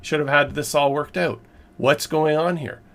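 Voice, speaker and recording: A man's voice: on the high side, fairly even intonation, moderate pace, gravelly, fairly bright tone. Exasperated man telling a story. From Canada. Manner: exasperated, rambling, emphatic. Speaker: vlogger recounting a purchase. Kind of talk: casual storytelling to camera.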